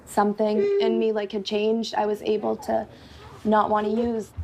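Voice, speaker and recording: A woman's voice: mid-range voice, completely flat delivery, moderate pace, gravelly, darkish tone, slight background noise. A woman, speaking candidly in a documentary interview and often filling her speech with "like". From Massachusetts, USA. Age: 20s. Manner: candid, heavy use of "like". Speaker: interviewee in recovery.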